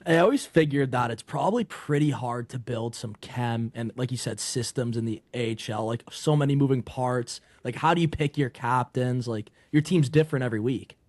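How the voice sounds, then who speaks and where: A man's voice: mid-range voice, normal speed, hardly any pauses, a little mellow, dry recording. A male co-host chiming in with a laid-back question in a casual podcast chat.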